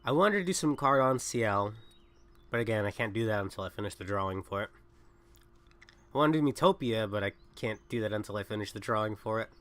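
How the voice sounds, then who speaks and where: This is casual gaming-stream chatter from a young man who's ill and coughing. His fairly low voice is expressive, a bit bright, and quick, and he rambles and breaks off his own sentences.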